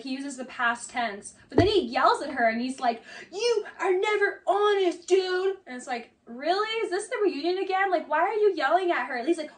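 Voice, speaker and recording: A woman giving casual, sarcastic commentary on a reality show, talking fast with lots of "like" fillers and sounding exasperated. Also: high voice, a bit bright, distant mic. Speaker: video essay commentator.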